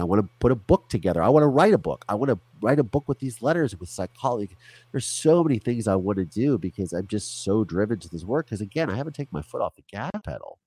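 A man's voice: fairly low pitch, warm tone, no echo. A man as an interview guest, talking candidly and animatedly in a casual conversation over a remote call, with frequent restarts and swearing.

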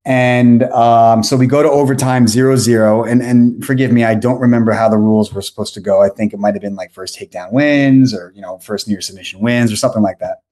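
A man's voice: mid-range voice, fairly quick, few pauses. Podcast guest, man, 40s, from South Florida, easygoing storyteller, mid-range voice. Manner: rambling, self-correcting, animated storyteller. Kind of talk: casual storytelling.

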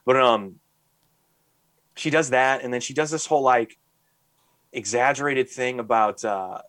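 A man's voice: medium pitch, measured pace, long pauses, dry recording. Ranting man on a podcast. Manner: animated ranting, heavy use of "like"; exasperated, mocking. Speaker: podcast host. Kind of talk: casual podcast chat.

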